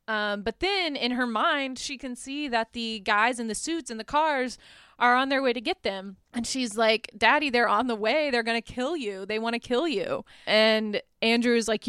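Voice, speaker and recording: A woman's voice: fairly high pitch, fairly bright tone, smooth, dry recording, clean studio sound. A woman hosting a podcast, retelling a movie plot in a casual, chatty way, laughing often and filling her talk with "like.". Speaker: podcast host.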